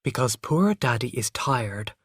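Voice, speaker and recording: A man voicing a patient, gentle mother who speaks softly and soothingly, in a graded reader story. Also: medium pitch, big pitch swings, measured pace, husky, no echo, studio quality, exaggerated voice. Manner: soft, hushed, soothing.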